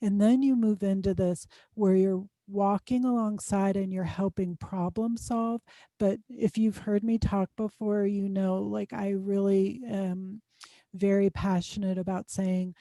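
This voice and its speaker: A woman's voice: medium pitch, fairly even intonation, measured pace, dark tone, no room sound. A woman speaking as a guest expert in an interview, explaining advice conversationally with frequent "um" fillers. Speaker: guest expert on student success.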